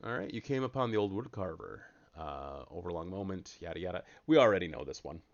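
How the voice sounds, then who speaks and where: Playful, lively man streaming a game. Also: quick pace, lo-fi sound. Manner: playful and jokey, with sudden high excited yelps. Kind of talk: casual gaming commentary.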